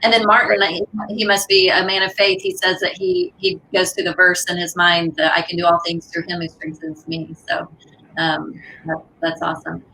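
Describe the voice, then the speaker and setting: A female co-host reacts warmly to her guest and reads out comments from the viewer chat. Her voice sits low for a woman yet sounds bright and crisp. A faint hiss runs under the recording. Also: flat delivery, moderate pace, poor audio. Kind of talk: casual show hosting, reading chat comments.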